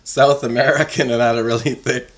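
A man's voice: medium pitch, steady tone, fairly quick, fairly bright tone. A man telling stories in casual chat with a co-host. He rambles and laughs often.

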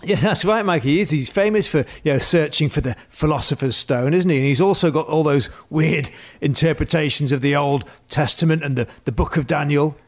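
A man's voice: fairly high pitch, brisk, few pauses. A man co-hosting a casual history podcast, explaining events and chuckling between points. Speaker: podcast co-host.

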